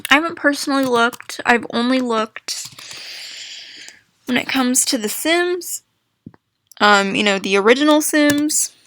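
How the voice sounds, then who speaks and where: A young woman chatting casually to viewers about video games, rambling and restarting phrases, with bursts of excited exclamations. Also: high-pitched, a little slow, pauses often, slight background noise. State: hiccups. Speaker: gaming vlogger.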